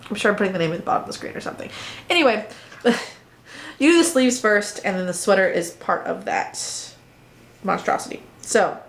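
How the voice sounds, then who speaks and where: A woman's voice: medium pitch, creaky, slight background noise. A woman hosting a knitting and spinning podcast, chatting casually and playfully as she shows her projects to viewers. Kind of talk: casual show-and-tell chat.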